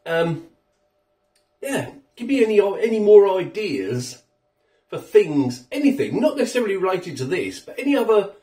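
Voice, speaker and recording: A chatty man talks his way through a food review, chewing between bits and wandering off-topic. His pitch sits a little high and swings about lively. He sounds a bit far from the mic in an echoey home kitchen. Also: normal speed. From England. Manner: chatty and rambling, talks while eating. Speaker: food vlogger. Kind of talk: casual food review vlog.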